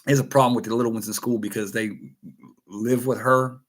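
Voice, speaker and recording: An American man hosts a loose livestream chat with a middle-pitched voice. He rambles and jokes, breaking off to greet viewers by name. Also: steady tone, fairly quick. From United States. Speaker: host.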